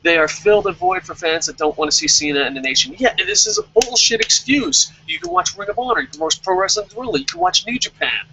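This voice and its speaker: A man's voice: high voice, very animated, fast, few pauses, bright, forceful tone, husky, low-quality recording. A young man reviewing a wrestling show in a heated, profane rant. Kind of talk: angry rant in casual chat.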